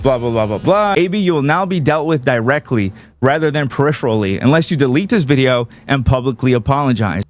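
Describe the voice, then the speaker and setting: A man's voice: mid-range voice, expressive, fairly quick, hardly any pauses, soft background music. A man in a played clip delivering an angry call-out rant, combative and insulting. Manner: combative, insulting, reads his own messages aloud.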